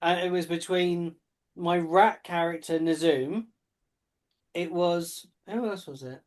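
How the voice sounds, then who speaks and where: A man's voice: fairly high pitch, steady tone, takes it slowly. A man running a tabletop game as dungeon master, chatting at the table and often restarting his sentences.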